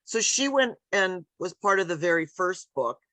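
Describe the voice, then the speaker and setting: A woman's voice: lowish voice, animated, moderate pace, bright, forceful tone, dry recording. A woman author being interviewed over a video call, talking in a meandering, hesitant way with many ums and restarts. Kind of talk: casual conversational interview.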